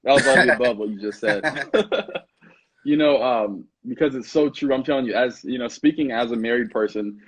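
A man's voice: mid-range voice, fairly quick, a bit bright, husky. A married man co-hosting a faith podcast, cheering his partner on with call-and-response interjections before reflecting on humility in marriage. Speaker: co-host. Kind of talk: casual podcast conversation. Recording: dull lo-fi sound.

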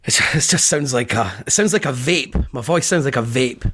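A man on a football podcast panel with a gravelly voice, self-mocking and quick to laugh. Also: medium pitch, animated, fairly bright tone. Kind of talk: casual football podcast chat. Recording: home podcast mic, close and clipping.

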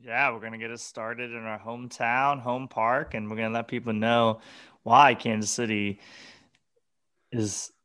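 A man's voice: medium pitch, little pitch movement, measured pace, pushed and bright, smooth. A man co-hosting a casual podcast with a friend, talking in a playful, hyped way. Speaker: podcast co-host. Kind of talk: sung intro then casual chat.

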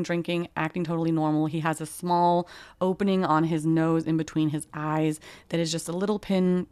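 Young adult woman, podcast host, low voice, dry close sound; candid, emotional storytelling. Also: darkish tone, smooth, no echo. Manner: candid and emotional, with casual fillers. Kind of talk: personal storytelling.

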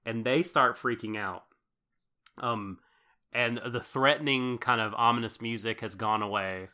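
A man's voice: mid-range voice, measured pace, pushed and bright. A man co-hosting a podcast, recapping a show episode in casual chat, rambling with fillers and laughing often. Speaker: podcast co-host.

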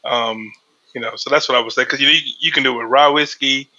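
A man's voice: mid-range voice, fairly even intonation, quick pace, sharp tone, highs cut off. A man co-hosting a casual podcast, rambling with hesitant fillers. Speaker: podcast co-host. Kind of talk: casual chat.

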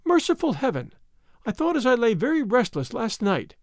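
A man voicing a scheming young stepmother in an audiobook reading, soft and coaxing. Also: very high-pitched, huge pitch swings, moderate pace, dry recording, clean studio sound, voice pushed up, full character voice. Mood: feigned alarm. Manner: soft, coaxing, then sharp.

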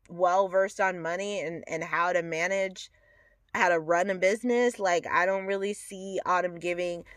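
A woman's voice: mid-range voice, fairly bright tone, no room sound, studio quality. A woman from the American South hosting a podcast, giving candid, profane, opinionated commentary on a TV series and laughing often. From Southern United States. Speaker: podcast host reviewing a TV series. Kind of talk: casual solo podcast commentary.

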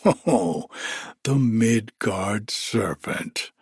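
Guy doing a cheery mighty god, low and raspy, slow storybook teasing. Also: expressive, darkish tone, no room sound, clean studio sound, heavily acted. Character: bold, jolly male thunder god.

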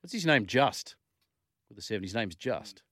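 Man, Australian accent, radio sports host, lively chatty delivery, low voice, dry studio sound. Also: normal speed, no echo. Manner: lively, chatty, reads out listener messages. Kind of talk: talkback radio chat.

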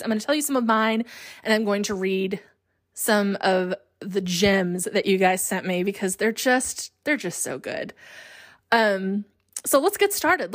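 Chatty woman podcast host in her forties. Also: fairly high pitch. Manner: chatty, animated, laughs often. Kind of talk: solo podcast chat.

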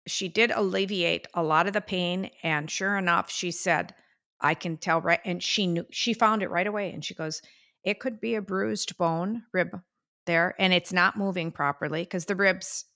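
An older woman co-hosting a podcast, chatting casually and telling stories with drawn-out fillers and sighs. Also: lowish voice, fairly bright tone. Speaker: podcast co-host. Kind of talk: casual chat.

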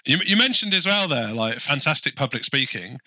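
A man's voice: mid-range voice, sing-song, brisk, sharp tone, no echo. A man hosting a podcast interview, speaking in an effusive, complimentary way. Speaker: podcast host. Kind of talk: casual interview chat.

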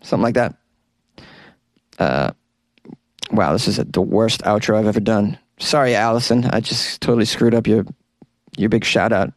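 A man's voice: on the low side, moderate pace, long pauses, dry recording. A man hosting his own podcast, chatting loosely and rambling, often stumbling and laughing at himself. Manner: rambling, loose, self-mocking, breaks into sung impressions. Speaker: podcast host. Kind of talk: casual podcast outro chat. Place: small closet.

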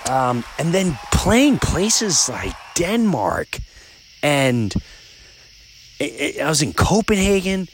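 A man hosting a podcast, telling stories in a casual, animated way while outdoors by the woods at night. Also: slow, a little hiss or hum. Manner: animated storyteller, pitch jumps up when exasperated. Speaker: podcast host. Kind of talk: casual solo monologue.

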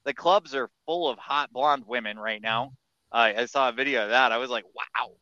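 A man's voice: medium pitch, moderate pace, pushed and bright, no room sound. A man in casual podcast chat, talking in a meandering, hesitant way. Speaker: podcast co-host or guest. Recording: dull, dry lo-fi mic.

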